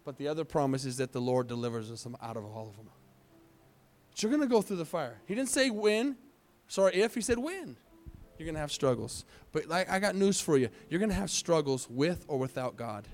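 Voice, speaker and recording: A pastor leading an altar call during a church service, speaking earnestly with pleading, repeated phrases. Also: male voice, on the high side, sing-song, brisk.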